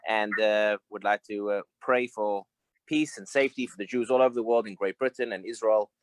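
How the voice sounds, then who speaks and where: A man giving a brief, halting welcome and blessing as a local rabbi over a video call. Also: lowish voice, poor audio. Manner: halting, many fillers.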